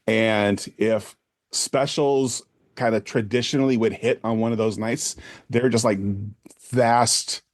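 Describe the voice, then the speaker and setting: A man chatting as a podcast guest, relaxed and reflective. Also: fairly low pitch, no room sound, clean studio sound. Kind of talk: casual podcast chat.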